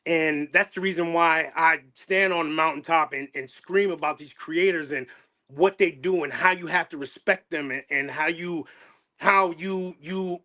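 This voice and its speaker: A middle-aged man with a high, bright voice talks passionately to his channel's viewers. He circles back on himself, restarting sentences and repeating phrases as his feelings run over. His delivery is casual and heartfelt. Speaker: channel host. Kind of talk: emotional casual chat.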